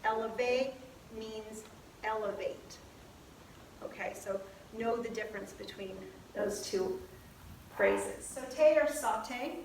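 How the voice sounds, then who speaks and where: A woman teaching ballet terms, talking slowly, repeating each term while she demonstrates in a dance studio. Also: a little high, darkish tone, slight background noise. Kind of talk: ballet lesson. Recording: echoey room from a distance.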